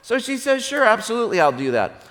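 A male pastor with a high, light voice preaches a sermon, breaking into a joke and acting out each character with animated, shifting voices. His words ring out with a long echo, as in a large church hall. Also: fast talker.

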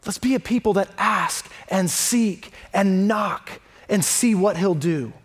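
High-voiced conversational male preacher. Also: slow pace, slightly rough. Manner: conversational, emphatic, drops low and quiet for scripture. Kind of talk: sermon.

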